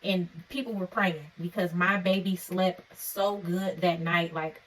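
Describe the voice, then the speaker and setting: A woman giving an encouraging faith-based talk to camera, earnest and preacherly, often checking in with her listeners with a quick "okay?". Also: lowish voice, steady tone, far from the mic, a little hiss or hum, rough recording. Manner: conversational and informal. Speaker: faith vlogger. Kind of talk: encouraging devotional vlog talk.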